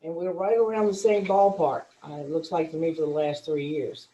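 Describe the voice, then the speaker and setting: Woman, county finance official, mellow warm voice, matter-of-fact, dull lo-fi audio. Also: low-pitched, steady tone, normal speed. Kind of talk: reporting at a public meeting.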